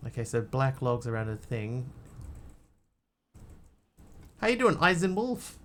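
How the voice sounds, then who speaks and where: A man's voice: mid-range voice, sing-song, normal speed, fairly bright tone, a little hiss or hum. A man streaming a game, chatting casually and answering his chat as he plays. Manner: chatty, greets and answers chat while playing.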